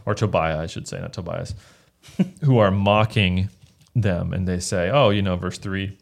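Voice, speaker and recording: Low-voiced pastor discussing scripture. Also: male voice, unhurried, vocal fry. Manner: earnest, reads verses aloud, frequent restarts. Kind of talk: casual Bible discussion.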